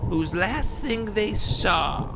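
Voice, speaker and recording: A man running a tabletop scene in a high, lively voice. He draws his words out slowly and theatrically. The call audio carries a clear hiss of noise. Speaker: tabletop player. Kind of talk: in-character roleplay and game narration.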